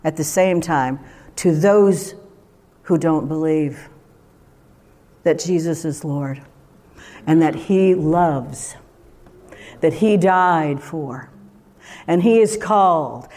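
A woman's voice: fairly low pitch, takes it slowly, long pauses, a little mellow. A woman preaching a sermon in a conversational, emphatic way, full of rhetorical questions.

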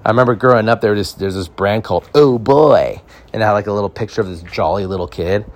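A man's voice: on the low side, quick pace. A young man from California hosting a podcast, telling rambling comic stories in casual, swearing slang. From California, United States. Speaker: podcast host.

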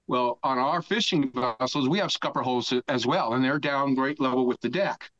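A man in his sixties tells a long story as a podcast guest. He talks in an animated, profane way and shouts out the lines he quotes. His voice sits at a middle pitch, and the recording is a little dull and lo-fi. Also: moderate pace. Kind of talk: casual storytelling interview.

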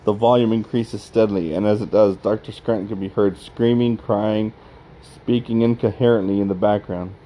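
A man reads a horror log aloud, stating its stage directions plainly and matter-of-factly. His voice sits low, with a dark, mellow tone. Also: fairly even intonation, moderate pace, low-quality recording. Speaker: horror story reader.

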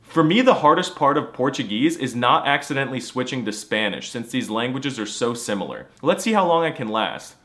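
A man doing a snarky comedy monologue, his pitch leaping up and down as he talks. He plays it mock-serious and over the top, with a scripted delivery. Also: big pitch swings, brisk, a bit bright. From United States. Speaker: comedy language creator.

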